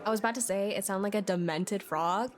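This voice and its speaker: A woman's voice: medium pitch, a little fast. A young woman streaming live, chatting playfully with lots of giggles while she plays. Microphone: desk mic.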